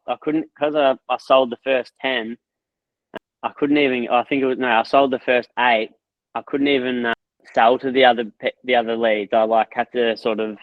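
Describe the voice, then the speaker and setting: A man, talking excitedly in a casual interview, swearing often and repeating himself. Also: mid-range voice, no room sound, narrow, tinny audio. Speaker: guest, course creator.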